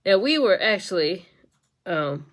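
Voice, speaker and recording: A woman vlogging a casual makeup tutorial on her phone. She talks in a chatty, giggly way, trails off and restarts often, and drops to soft mutters while she works. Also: mid-range voice, animated, a little slow. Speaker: beauty vlogger and makeup sales representative. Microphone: phone camera.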